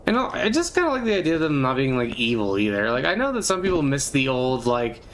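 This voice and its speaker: A man's voice: very animated, fast, fairly bright tone, slight background noise, low-quality recording. A man streaming while chatting casually, rambling and playful with lots of fillers. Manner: rambling and playful, many fillers, bursts into squeaky silly voices. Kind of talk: casual gaming stream chat.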